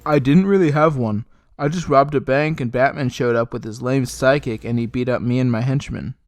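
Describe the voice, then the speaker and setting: A man's voice: medium pitch, normal speed, no room sound, natural voice. A scornful gangster villain, voiced by a man, dismissive and mocking, in a mid-range voice. The recording is dry and close. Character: scornful male two-faced gangster villain.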